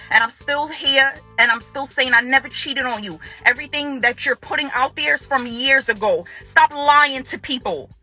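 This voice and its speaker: A woman's voice: sits high, pushed and bright. A woman making an angry direct-to-camera statement to her ex-husband, confrontational and repeating phrases for emphasis. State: furious. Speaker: ex-wife speaking out.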